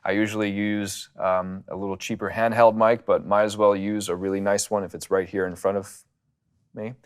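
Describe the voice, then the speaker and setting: A man's voice: fairly low pitch, moderate pace, clean tone. Laid-back man in a studio. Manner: relaxed, rambling with many fillers. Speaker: music producer. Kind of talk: casual studio tutorial. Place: home music studio. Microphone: studio condenser mic.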